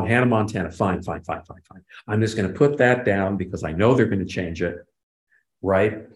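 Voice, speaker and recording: An older man, a guest in a casual interview, telling stories animatedly and acting out quoted lines. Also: lowish voice. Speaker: guest, sitcom writer and producer. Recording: roomy echo.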